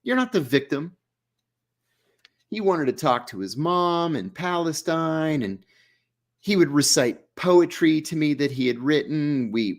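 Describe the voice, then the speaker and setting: A man, an interview guest, telling a story in vivid first person and acting out the dialogue. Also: a little high.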